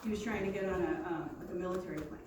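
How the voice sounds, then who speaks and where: A woman's voice: on the low side, steady tone, rapid-fire. A woman in her forties, a youth leader, telling a personal story to a youth group and acting out the quotes with animation. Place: church youth room. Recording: echoey room from far off with noise.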